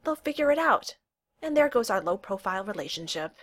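A woman's voice: medium pitch, sing-song, a little fast. A woman voicing a flustered, evasive young woman knight in a storybook reading. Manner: defensive, pleading.

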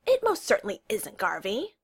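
A flustered young woman knight, defensive and pleading, her voice climbing high and swinging as she begs her friends to drop it, as a woman reads her aloud. She talks slowly in a lively, up-and-down voice. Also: husky, full character voice.

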